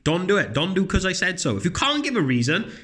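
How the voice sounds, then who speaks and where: A young man rattling through a solo podcast at a fast clip, with a fairly high voice for a man. He is blunt and swears freely, and every so often slips into mocking put-on voices. The talk is loose and casual. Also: sing-song, a bit bright. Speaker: podcast host.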